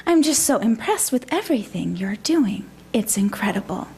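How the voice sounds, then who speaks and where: A woman voicing her ninety-three-year-old grandmother, gushing with slow, effusive praise. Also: a little high, very animated, dark tone, slight background noise. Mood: doting.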